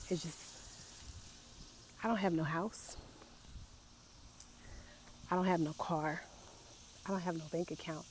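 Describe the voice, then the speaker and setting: A young woman speaking in a raw, confessional vlog, emotional and halting, often repeating herself as she works through her feelings. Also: fairly low pitch, fairly even intonation, a little hiss or hum. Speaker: vlogger.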